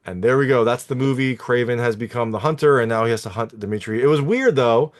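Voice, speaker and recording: A man's voice: mid-range voice, quick pace. A man talking casually as a film reviewer, recapping a plot in a chatty, meandering way with many fillers. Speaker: movie reviewer.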